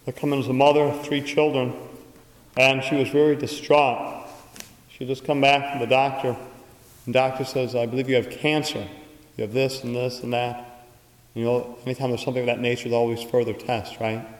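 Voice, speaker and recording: A man's voice: medium pitch, roomy sound, big-room sound, poor audio. A male priest giving a homily, telling stories and acting out quotes in a conversational preaching manner. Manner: storytelling with acted-out quotes. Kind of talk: sermon.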